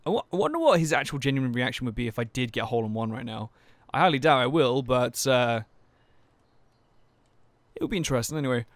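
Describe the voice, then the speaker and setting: A man's voice: mid-range voice, very animated, fast talker, no room sound. A young man casually narrating a video game, joking and swearing, stumbling over restarts, his voice a bit dry. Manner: profane, joking, stammering restarts. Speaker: let's play gamer. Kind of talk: casual gameplay commentary.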